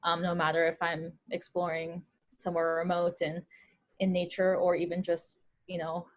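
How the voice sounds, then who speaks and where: A woman's voice: on the low side, completely flat delivery, normal speed. A woman on a panel talk, speaking reflectively with many "you know" fillers. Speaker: panel guest, runner.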